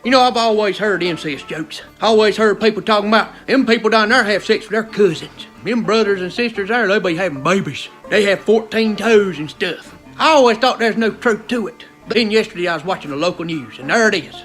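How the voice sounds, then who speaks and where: A man's voice: high-pitched, brisk, hardly any pauses, fairly bright tone, faint music behind. A male comedian with a South Carolina accent doing a stand-up rant in an exasperated, rowdy drawl.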